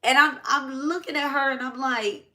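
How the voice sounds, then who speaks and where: Woman vlogging, bright forceful voice, swearing a lot, chatty storytelling that keeps circling back. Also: sits high, steady tone, moderate pace. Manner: profane, emphatic, repeats herself. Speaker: spiritual reader and vlogger. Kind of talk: casual storytelling monologue.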